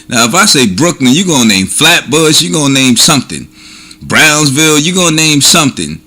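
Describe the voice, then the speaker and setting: New York man ranting, bright voice. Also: fairly high pitch, sing-song, a little fast. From New York City. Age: older. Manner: emphatic, street slang, "you know what I'm saying" refrain. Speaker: vlogger. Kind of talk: casual monologue to camera.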